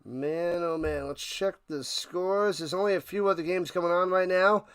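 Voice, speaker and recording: A man hosting a live watch party, calling plays casually and chatting with viewers, bursting into loud hype on big plays. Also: high voice, fairly even intonation, normal speed, clear, resonant tone. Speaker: watch party play-by-play host. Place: home room, his man cave.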